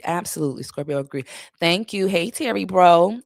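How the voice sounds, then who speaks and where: Woman in her 30s, low-pitched, blunt and candid livestream host, dry close sound. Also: expressive, fairly quick, creaky, no room sound. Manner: blunt, candid, profane, laughs often. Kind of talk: casual livestream Q&A.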